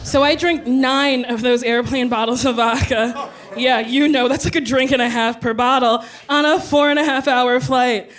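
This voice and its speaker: A woman comedian telling a stand-up story with animated, loud acted-out quotes. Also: sits high, normal speed.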